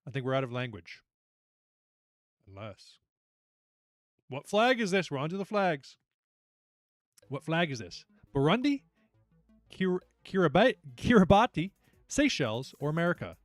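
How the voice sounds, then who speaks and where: Young man, trivia night host, casual and talkative, laughs easily, very lively pitch. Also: normal speed, long pauses, no echo, studio quality, soft background music. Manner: chatty, animated, reads questions aloud, laughs easily. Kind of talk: casual livestream quiz hosting.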